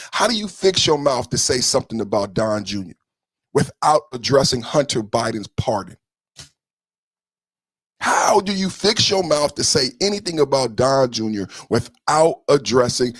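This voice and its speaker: A man with a husky voice hosts a podcast livestream, ranting profanely and combatively about politics. He scolds his chat, drives points home by repeating them, and shifts between loud and low. There's no echo.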